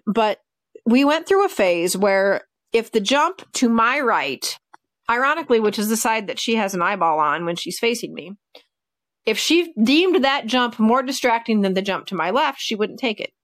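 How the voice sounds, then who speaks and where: A woman's voice: fairly high pitch, dry recording. Chatty woman dog trainer, dry sound. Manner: chatty, animated, with many fillers like "like" and "you know". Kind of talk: casual podcast storytelling.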